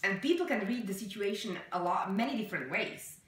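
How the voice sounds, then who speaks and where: A woman speaks to her viewers in a personal vlog, earnest and emotional, halting on fillers and restarts. Her voice is bright and forceful. She sits away from the mic in a very echoey room. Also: medium pitch, lively intonation, far from the mic. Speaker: vlogger. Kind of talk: personal vlog talk to camera.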